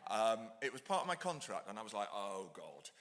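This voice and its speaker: A middle-aged man with a bright, forward voice tells meandering stories in a chatty, self-mocking way, then reads aloud from his book. The sound rings with the long reverb of a hall, as at a public talk. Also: fairly low pitch, big pitch swings, fairly quick. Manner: digressive, chatty, self-deprecating. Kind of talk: casual anecdote, then reading aloud. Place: lecture hall at an ideas festival.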